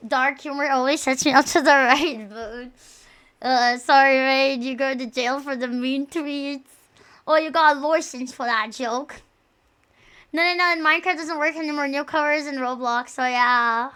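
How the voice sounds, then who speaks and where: Bright, high-pitched crude young woman streamer. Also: moderate pace, clean tone. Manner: crude, loud and joking, swears a lot. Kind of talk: casual stream chat.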